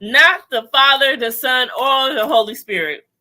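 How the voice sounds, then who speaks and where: A woman hosting a casual chat over a video call, talking in an animated, sassy way with lots of slang and laughter. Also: high voice, measured pace. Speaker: podcast host recapping a TV show.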